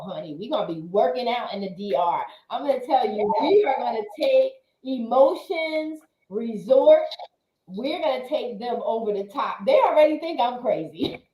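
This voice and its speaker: Woman host, faith-filled, affectionate, animated pitch, echoey room. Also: normal speed. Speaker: host and life coach. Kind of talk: casual group video chat.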